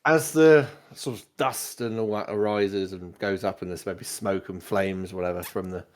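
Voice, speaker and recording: A man narrating a tabletop game as game master, in a relaxed, rambling way. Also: sits low, normal speed.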